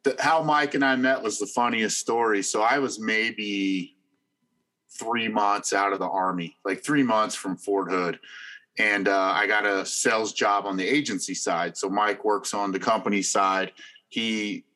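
A middle-aged man who works as an insurance agent, telling a story in an animated, emphatic way. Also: on the low side, measured pace. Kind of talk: casual storytelling chat.

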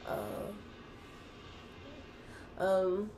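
A young woman co-hosts a casual podcast at a middle pitch, pausing and searching for words. Her voice sits in an echoey room, and steady background noise is clearly heard. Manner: hesitant, thinking aloud with many fillers. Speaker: podcast co-host. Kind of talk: casual chat.

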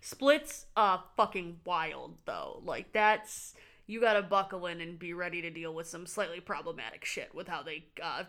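A woman's voice: fairly low pitch, moderate pace, fairly bright tone. A woman co-hosting a casual podcast, talking loosely and swearing freely. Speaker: podcast co-host. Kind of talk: casual chat.

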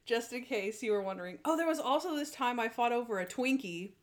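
A young adult woman telling a story in casual chat, animated and full of fillers, acting out what people said. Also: a little high, fairly quick. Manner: animated, lots of fillers and acted-out quotes.

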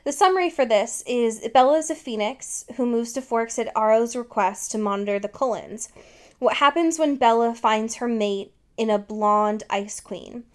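A woman podcast host who chats casually, jokes and laughs often, and reads fan fiction aloud. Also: fairly high pitch. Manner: joking, laughs often, many fillers. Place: Seattle.

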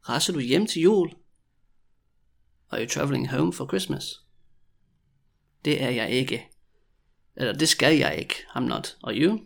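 A man teaching as a language teacher, saying phrases slowly word by word and repeating them, then explaining them in a relaxed, casual way. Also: medium pitch, vocal fry. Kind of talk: slow, repeated phrase drills in a language lesson.

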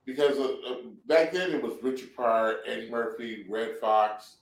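A man's voice: mid-range voice, normal speed. A middle-aged man from San Diego telling loose, laughing, profanity-laced stories as a guest in a casual interview. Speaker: comedian and actor guest. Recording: roomy sound from a distant mic.

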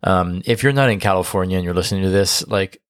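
A man with a deep, low voice co-hosts a relaxed podcast with his wife. He chats loosely, restarting sentences and filling pauses. The sound is dry and close. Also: clear, resonant tone, dry recording. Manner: chatty, rambling with fillers and restarts. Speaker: podcast co-host. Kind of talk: casual chat. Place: indoors near the beach.

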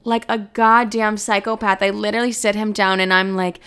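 Young woman, casual storytelling, brash, profane, self-mocking, mid pitch. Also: steady tone, a little fast, few pauses, a bit bright, smooth.

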